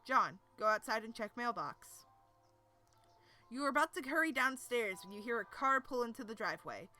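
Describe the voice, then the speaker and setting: A woman reads a webcomic aloud on a live stream, tripping over words and dropping casual, self-deprecating asides. Her voice is bright and slightly high. Soft music plays in the background. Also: lively intonation, normal speed.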